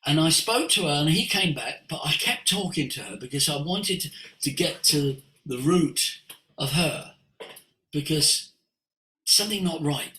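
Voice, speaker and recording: A man, a voice coach, telling a story to an audience in an animated way and acting out the voices. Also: on the high side, measured pace, reverberant, low-quality recording. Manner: animated, acts out voices in quotes. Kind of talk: storytelling talk.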